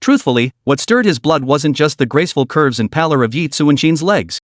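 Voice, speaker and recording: A man's voice: a little high, animated, normal speed, dry recording, clean studio sound. A man narrating a comic recap with dramatic storytelling.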